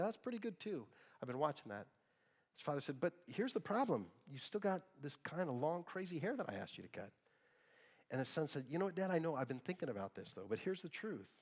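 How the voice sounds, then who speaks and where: A middle-aged man preaching a sermon as pastor, telling stories in an animated way. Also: mid-range voice. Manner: storytelling, with loud bursts of laughter and mimicry. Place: church sanctuary. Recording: long reverb of a church hall.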